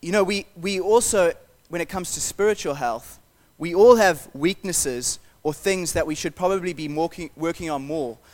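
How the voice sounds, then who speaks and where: A man delivers a sermon in a relaxed, conversational tone. His voice sits a little higher than most men's. He talks earnestly and encourages his listeners. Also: moderate pace. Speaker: pastor.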